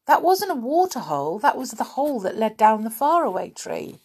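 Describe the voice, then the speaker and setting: A woman's voice: a little high, sing-song, moderate pace, a little mellow, slightly rough, voice pushed up, heavily acted. A woman voicing a worried young boy in a storybook reading, eager and pleading. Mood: anxious.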